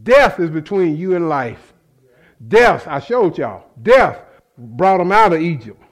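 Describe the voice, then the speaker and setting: An unhurried preacher with a voice on the high side gets very animated in his sermon. He speaks fervently and conversationally, using repetition and calling out to the congregation so they answer back.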